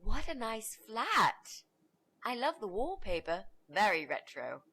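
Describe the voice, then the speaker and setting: An actress playing a brash young woman student who talks her way in as a babysitter, bold and quick to take charge. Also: mid-range voice, sing-song, sharp tone, slight background noise, exaggerated voice. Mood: confident.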